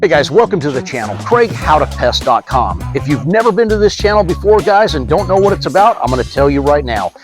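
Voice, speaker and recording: A man hosting a pest control channel, giving an energetic, salesy product demonstration straight to the viewer. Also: fairly high pitch, fairly quick, few pauses, over music. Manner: energetic, salesy, direct to camera.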